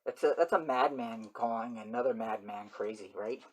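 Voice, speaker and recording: A man hosting his channel, talking in a rambling, repetitive monologue and breaking into loud, high yelps when he mimics people. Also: moderate pace, background noise. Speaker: channel host.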